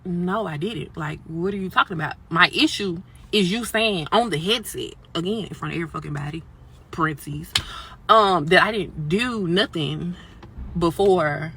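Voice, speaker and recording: A woman's voice: lowish voice, moderate pace, fairly bright tone, breathy edge. A woman telling a workplace story as an indignant, profane phone rant, acting out both sides of the argument.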